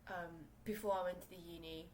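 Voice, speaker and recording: Talking a little fast in a fairly low, steady voice, a young woman from South Korea hosts a casual solo podcast from her small room. English is her second language, and she rambles with many fillers and restarts, captured on poor audio with a little hiss or hum.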